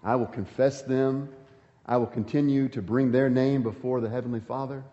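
A man's voice: steady tone, normal speed, in a large hall, muffled recording. A man preaching a sermon as pastor, emphatic, rising and falling sharply as he reads scripture and drives home his points. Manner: emphatic preaching with dramatic swings in pitch and volume.

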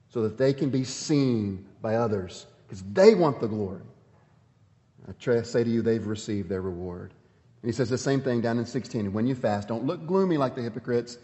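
This pastor's sermon is emphatic and animated, with sharp rises and falls in pitch and volume as he reads scripture and drives his message home. He speaks at a moderate pace in a warm tone. The audio has a big-room sound and is muffled.

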